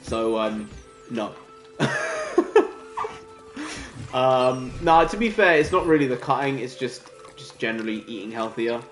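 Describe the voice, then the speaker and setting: A man rambles through casual stream talk at an ordinary middle pitch, sounding worn out and joking at his own expense. Game music plays clearly beneath his voice. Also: animated, a little slow, long pauses, fairly bright tone. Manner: rambling, self-deprecating, tired. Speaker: gaming livestreamer.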